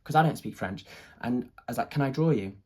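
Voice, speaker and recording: An artist telling an excited personal story, full of hesitations, restarts and fillers. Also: mid-range voice, quick pace, husky. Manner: excited, animated retelling.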